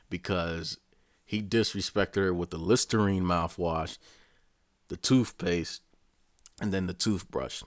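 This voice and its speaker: Deep-voiced man ranting profanely. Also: no echo, clean studio sound. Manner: profane, rambling, animated storytelling. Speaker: vlogger. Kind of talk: casual rant recapping a show.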